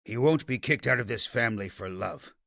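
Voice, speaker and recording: An audiobook narrator playing a stern aged dragon-slayer patriarch who speaks slowly and firmly, with a commanding manner. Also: male voice, fairly low pitch, creaky, a bit bright, no room sound, studio quality. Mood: earnest. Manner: commanding, slow and firm.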